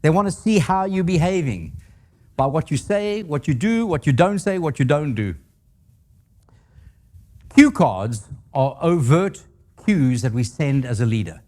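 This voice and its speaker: A man's voice: on the high side, lively intonation, unhurried, pauses often, darkish tone. An older man giving a leadership talk to a live audience, telling stories with humor and asking the audience questions. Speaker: guest speaker.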